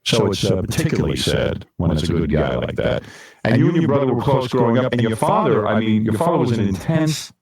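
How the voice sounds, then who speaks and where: A man's voice: fairly low pitch, sing-song, brisk, darkish tone. A man interviewing a guest in an archival clip, asking blunt, probing questions. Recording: roomy, distant archival audio.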